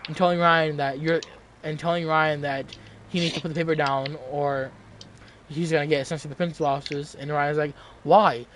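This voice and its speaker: A man's voice: fairly high pitch, fairly bright tone, a little hiss or hum. A young man in his late teens, telling a story in casual chat, rambling with lots of fillers and restarts.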